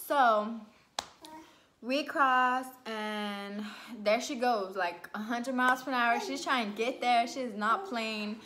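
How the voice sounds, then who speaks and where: A woman vlogger takes her time telling a personal story to the camera. She's chatty and lively, relies heavily on "like" and "you know," and re-creates her past lines with dramatic shifts in pitch.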